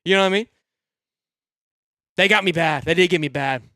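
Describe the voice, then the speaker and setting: A young man hosting a live fan sports show, excitable and rambling, swearing freely and swinging from loud hype to low grumbling. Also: fairly quick, no echo, clean studio sound. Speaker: sports podcast host.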